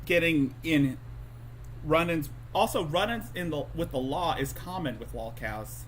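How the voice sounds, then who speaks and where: A man's voice: fairly high pitch, lively intonation, unhurried, a little hiss or hum. A man hosting a commentary stream, talking in a sarcastic, mocking way with stumbling restarts. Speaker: streamer host.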